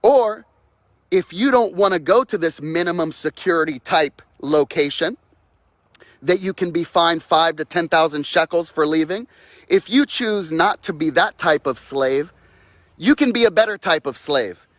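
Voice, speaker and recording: A man's voice: on the high side, measured pace, dry recording. A man delivering a fiery, preachy rant outdoors, repeating phrases and mocking others' voices, recorded close on a phone.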